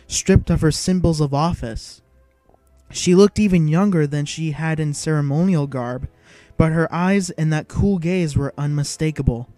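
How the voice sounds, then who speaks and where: A male audiobook narrator telling the story in a measured, even way. His voice is warm and mellow and sits a little high for a man. It sounds dry and close to the mic, with faint music underneath. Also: no room sound.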